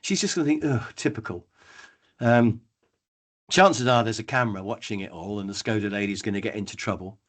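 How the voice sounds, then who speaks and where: A middle-aged man giving a webinar training talk, telling stories in a lively way and acting out the people in them. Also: on the low side, fast. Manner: lively storytelling, acts out quoted people. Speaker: workshop trainer.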